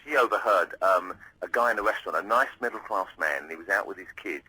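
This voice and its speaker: A man's voice: low-pitched, fast, sharp tone, poor audio. A man calling in to a radio show by phone, teasing and telling stories in a mock-pompous way. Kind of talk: casual radio chat by phone.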